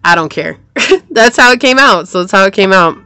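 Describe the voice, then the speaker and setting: A woman's voice: medium pitch, animated, normal speed, bright, forceful tone, smooth, dry recording. A woman giving a casual tarot reading to camera, rambling and repeating phrases, with a sore throat. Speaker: tarot reader.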